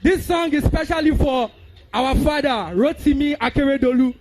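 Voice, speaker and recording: A man with a Nigerian accent acting as MC at an outdoor political rally, shouting call-and-response lines to the crowd. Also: very high voice, moderate pace, over music. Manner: shouted call-and-response, mixing Pidgin and Yoruba.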